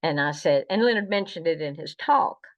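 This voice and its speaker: A woman tells long stories as an interview guest, chatty and meandering. Her voice sits low and deep for a woman. The recording sounds dull and lo-fi. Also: expressive, normal speed. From American South. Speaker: guest, fan historian. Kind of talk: anecdotal interview storytelling.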